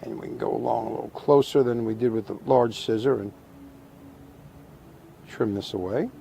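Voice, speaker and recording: A middle-aged man calmly demonstrating a hands-on craft step by step, methodical and repetitive with a touch of dry humor. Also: mid-range voice, moderate pace, gravelly, slight background noise. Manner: calm, methodical, repeats instructions, dry humor. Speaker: taxidermy instructor.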